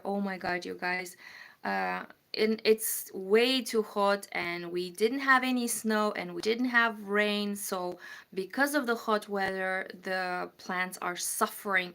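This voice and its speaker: Slow, chatty woman. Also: mid-range voice, creaky, fairly bright tone. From Moldova. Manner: chatty, reads viewer comments aloud and answers them. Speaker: livestream host. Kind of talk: casual live-stream chat.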